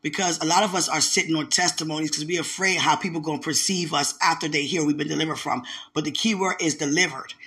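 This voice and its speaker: A woman's voice: low voice, steady tone, fast talker, few pauses, a bit bright. A woman giving a casual spoken testimony as a church member, telling stories animatedly and turning to the listener with preachy asides.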